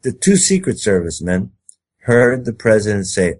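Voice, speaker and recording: Guest, older man, low husky voice, emphatic and rambling. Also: very animated, moderate pace, a little mellow. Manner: emphatic, rambling, acts out quoted speech. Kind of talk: conspiracy talk interview.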